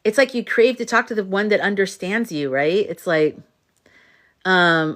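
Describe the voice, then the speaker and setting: A woman's voice: medium pitch, animated, measured pace, fairly bright tone. A woman hosting a casual livestream, rambling chattily and reading viewer comments aloud. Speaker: livestream host. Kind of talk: casual live chat.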